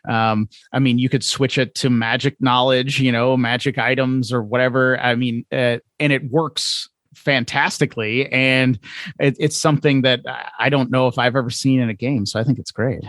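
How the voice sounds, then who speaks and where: A man's voice: medium pitch, steady tone, normal speed, fairly bright tone, no room sound, studio quality. A man hosting a podcast, chatting casually and enthusiastically with his guest. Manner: enthusiastic, agreeable. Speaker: podcast host. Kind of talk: casual chat.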